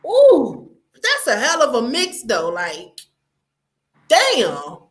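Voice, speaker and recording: A woman's voice: high voice, wildly swooping pitch, drawn-out words. A woman hosting an interview, chatting casually and reacting to stories with exclamations and laughter. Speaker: interview host. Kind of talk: casual chat.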